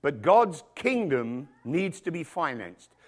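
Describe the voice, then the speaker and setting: A pastor in middle age gives an emphatic sermon to his congregation, children among them, posing rhetorical question after rhetorical question. His voice is fairly high, moves through big pitch swings, and proceeds at a slow pace.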